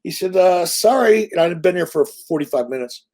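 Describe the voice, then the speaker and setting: Animated, profane man telling a story. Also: on the high side, fast talker. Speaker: interview guest. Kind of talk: casual storytelling.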